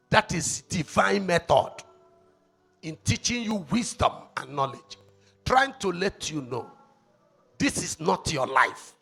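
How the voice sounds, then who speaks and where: Fiery Nigerian preacher, high gravelly voice. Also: male voice. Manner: fervent preaching, swings from shouting to low asides, rhetorical questions. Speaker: evangelist. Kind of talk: sermon.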